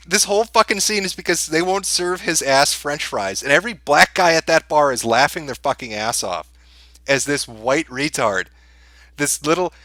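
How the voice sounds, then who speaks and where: A man delivers profane, sneering commentary with a bright, sharp-edged tone. The sound is dry and close, with no room in it. He talks in an amused, crude way, mocking as he goes. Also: fairly high pitch, no echo. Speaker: podcast host.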